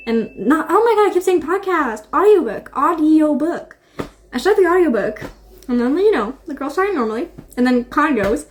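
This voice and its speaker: A young woman vlogging about books in a casual, gushing, rambling way, with lots of "like" and "honestly". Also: sits high. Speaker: book vlogger. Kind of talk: casual chat to camera.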